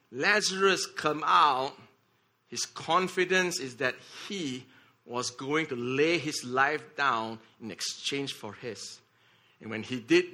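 A man preaches a sermon in a very bright, sharp voice that sits a little high. He restarts phrases often and keeps checking in with his listeners. At times he leads them in shouting together. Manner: repeats words, checks in with "okay?" and "right?".

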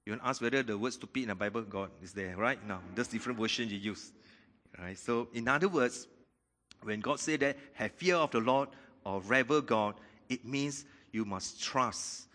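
Man, pastor, impassioned sermon, rhetorical questions, crisp forceful tone, reverberant hall. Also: mid-range voice, moderate pace. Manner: impassioned preaching, rhetorical questions, swells loud on key points.

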